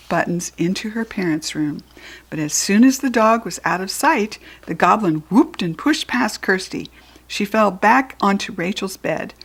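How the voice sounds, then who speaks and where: A woman with an American accent reading a children's storybook aloud in a lively, expressive way. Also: lowish voice. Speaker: children's book reader.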